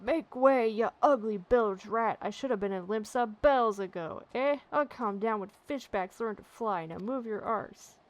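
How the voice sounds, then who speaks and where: A woman voicing a hot-tempered wagon driver from a game, loud and insulting. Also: fairly high pitch, measured pace, few pauses, natural voice. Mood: angry.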